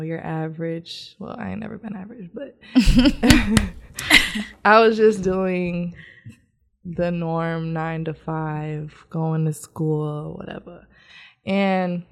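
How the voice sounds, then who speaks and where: A woman's voice: fairly low pitch, takes it slowly. A young woman from Michigan, a guest artist on a casual podcast, talking in a laid-back way, laughing and trailing off.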